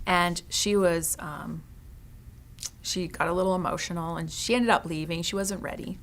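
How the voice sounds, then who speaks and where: An earnest woman talks as an interview guest about her store, often checking in with "you know?" and "right?". Her voice sits low, with a gravelly edge of vocal fry running through it. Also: fairly even intonation, normal speed, a bit bright, a little hiss or hum. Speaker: consignment store owner, guest. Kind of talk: heartfelt interview talk.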